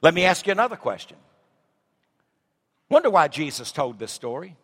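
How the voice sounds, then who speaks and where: A man's voice: on the high side, very animated, moderate pace, gravelly, fairly bright tone, breathy edge. A man preaching a sermon in a church, reading scripture and asking the congregation emphatic rhetorical questions. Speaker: pastor. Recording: long hall reverb.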